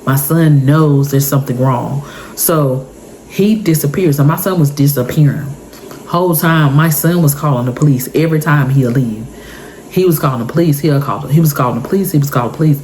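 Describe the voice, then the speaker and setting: A woman's voice: low-pitched, a little fast, darkish tone, a little hiss or hum, low-quality recording. A woman in her thirties, telling an intense personal story for her vlog in an emotional, repetitive way. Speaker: vlogger. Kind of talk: story time monologue.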